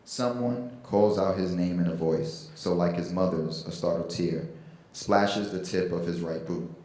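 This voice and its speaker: Deep-voiced man reciting poetry in echoey hall. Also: darkish tone. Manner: slow, measured recitation. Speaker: reader at a poetry event. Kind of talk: poetry reading.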